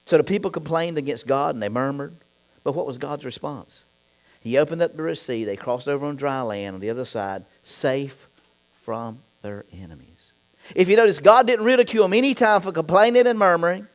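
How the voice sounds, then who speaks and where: High-voiced male pastor preaching. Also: brisk, poor audio. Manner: preaching that swings from low asides to loud, fired-up stretches; reads scripture aloud and talks straight to the congregation. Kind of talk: sermon.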